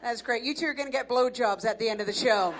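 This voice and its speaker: A woman in her fifties, with a fairly high voice and a fast delivery, does a brash, self-mocking stand-up set. Holding a handheld mic on a comedy club stage, she works the live crowd, and audience noise runs through the recording.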